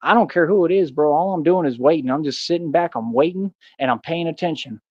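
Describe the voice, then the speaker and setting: A man's voice: fairly high pitch, quick pace, no echo. A man ranting defiantly in a boastful monologue, full of street slang and taunts aimed at his critics. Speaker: streamer. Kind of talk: confrontational monologue. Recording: dull dry sound.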